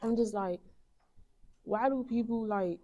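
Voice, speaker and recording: A young woman speaking as an interview guest, halting and emotional as she talks about a painful loss. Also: on the high side, muffled recording. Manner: soft-spoken, halting, grieving. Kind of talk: emotional personal conversation.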